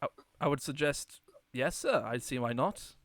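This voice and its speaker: A man's voice: medium pitch, animated, moderate pace, no echo, close to an everyday voice. A man playing a young manservant who keeps correcting his master politely but wearily. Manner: dry, correcting, polite "sir". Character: young male manservant, exasperated but deferential.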